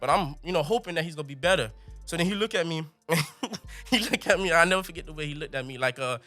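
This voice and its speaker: A young man telling a funny story as a podcast guest, animated and laughing, with colorful slang. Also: on the high side, fast, faint music behind. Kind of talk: comic storytelling.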